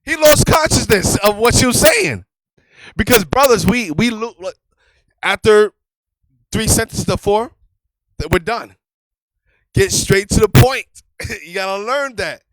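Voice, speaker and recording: A man's voice: high voice, expressive, measured pace, long pauses, fairly bright tone, no echo, rough recording. A man teaching a religious class in an emphatic, conversational sermon style, often repeating his key phrases.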